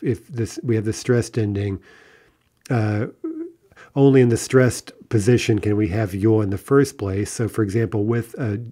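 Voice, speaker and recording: A man teaching Russian grammar from a textbook, explaining step by step, often checking with "right?", and slowing down to say the example phrases carefully. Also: lowish voice, warm tone.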